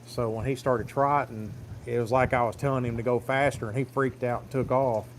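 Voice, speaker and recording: A man's voice: mid-range voice, fairly even intonation, brisk, a little hiss or hum. A man, telling a rambling, plain-spoken farm story on a phone livestream. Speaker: farm vlogger. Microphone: phone camera.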